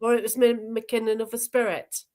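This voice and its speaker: A woman hosts a podcast interview in a slightly high voice. She is enthusiastic and chatty and reads out listener questions. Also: level tone, a little fast, darkish tone. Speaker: podcast host. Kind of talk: casual interview chat.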